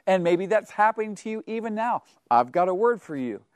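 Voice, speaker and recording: A middle-aged man with a high-pitched voice delivers a radio sermon into a close microphone. The sound is dry and intimate. He reads scripture and exhorts his listeners earnestly, his volume rising and falling from loud declarations to quiet asides. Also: animated, a little fast, smooth, no echo. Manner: dynamic, swings from loud to hushed. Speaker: preacher. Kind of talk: radio sermon and Bible teaching.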